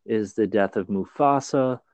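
A man's voice: on the low side, unhurried, a little mellow, dry recording. A man co-hosting a casual movie chat, with wry, sarcastic asides. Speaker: podcast co-host.

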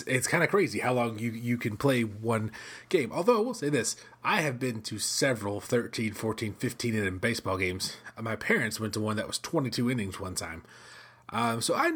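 A middle-aged man from the United States talks through his solo podcast in a loose, rambling way, full of fillers and restarted sentences. His voice has a husky, slightly rough edge, and it sits at an ordinary pitch for a man. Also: fairly bright tone. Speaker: podcast host. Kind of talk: casual solo podcast talk.

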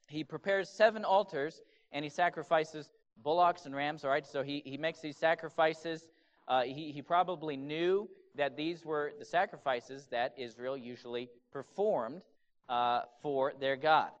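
A man preaching a sermon in a conversational way, often asking rhetorical questions. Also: a little high. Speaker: pastor. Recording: dull lo-fi recording.

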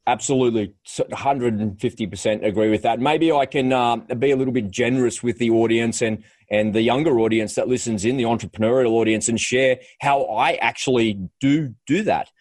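A man hosting a podcast, chatting casually in quick bursts with frequent restarts. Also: medium pitch, a little mellow, dry recording. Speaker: podcast host. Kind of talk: casual conversational chat.

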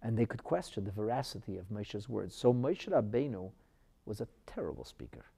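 A man teaching a Torah class as a rabbi, swinging dramatically between loud outbursts and hushed asides. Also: on the low side, big pitch swings, fairly quick, gravelly, breathy edge.

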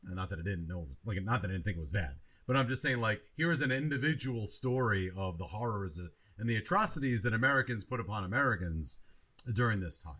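A man's voice: fairly low pitch, lively intonation, fast, pushed and bright. Rambling man in a casual movie chat. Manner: reflective, rambling with many restarts.

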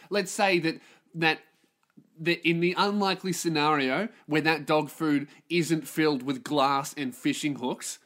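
Male podcast host, solo rant, profane and self-deprecating, slightly high pitch. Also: fairly bright tone. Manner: ranting, sweary, self-mocking.

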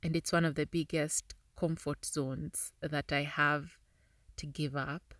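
Female podcast host, casual and talkative, lowish pitch, dry close mic. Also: flat delivery, takes it slowly, fairly bright tone, no echo. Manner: chatty, laughs often while reading aloud. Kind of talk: casual podcast reading and reflection.

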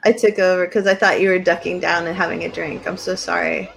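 A woman's voice: lowish voice, fairly even intonation, fast talker, gravelly, slight background noise. A woman co-hosting a podcast in casual chat, teasing her partner and laughing often. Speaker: podcast co-host.

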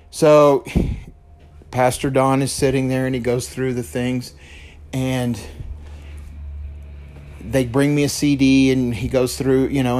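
A West Texas man hosts his own podcast, telling a personal story earnestly and repetitively in a mid-range, slightly mellow voice. He keeps checking in with the listener by asking "okay?"

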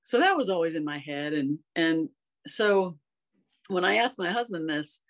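A woman's voice: fairly low pitch, animated, normal speed. Earnest woman in her fifties telling stories. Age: 50s. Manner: earnest, rambling, emotional storytelling. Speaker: podcast guest, golf coach. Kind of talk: casual storytelling conversation.

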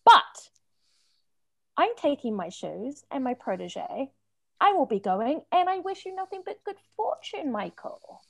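A woman improvising a tearful ex-girlfriend who finds her nerve, animated and lilting. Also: sits high, measured pace, creaky, full character voice. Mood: defiant. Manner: animated, lilting, prone to crying. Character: tearful, newly empowered woman, Michael's ex. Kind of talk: improvised comedy scene.

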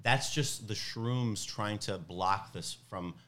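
A young man casually telling a long story on a podcast, rambling and animated, full of fillers and restarts. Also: fairly low pitch, takes it slowly. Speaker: podcast guest.

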